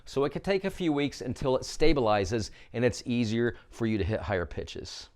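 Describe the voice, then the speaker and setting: Male vocal coach, upbeat instructional tone, mid-pitched voice, walks the listener through drills. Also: very animated, moderate pace, a little mellow, clear, resonant tone. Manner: upbeat coaching, demonstrating exercises.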